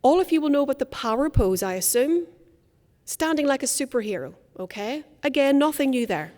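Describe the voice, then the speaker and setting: A woman speaking coach giving a conference workshop, enunciating crisply with theatrical emphasis. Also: high voice, expressive, brisk, darkish tone. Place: conference hall. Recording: long hall reverb.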